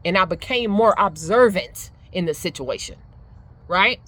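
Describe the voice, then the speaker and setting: A middle-aged woman giving life advice in a casual motivational talk, emphatic and animated, laughing often. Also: lowish voice, a little slow. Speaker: speaker sharing life advice.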